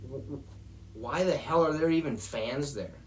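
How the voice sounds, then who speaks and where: A man's voice: mid-range voice, animated, unhurried. A man hosting a football show, ranting in a profane, exasperated way straight to his viewers. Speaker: sports show host. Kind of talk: heated football rant.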